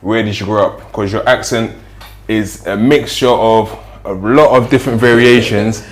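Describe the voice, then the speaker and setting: A man hosting a podcast, asking measured, probing questions in a casual way with fillers. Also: fairly low pitch, steady tone. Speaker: podcast host.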